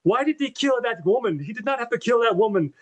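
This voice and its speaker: A man's voice: very high-pitched, animated, fast talker, voice pushed up. A man voicing a nervous, shaken young male accomplice, asking the same pleading question again and again. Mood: distressed. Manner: distressed, pleading repetitions. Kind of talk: casual podcast movie recap.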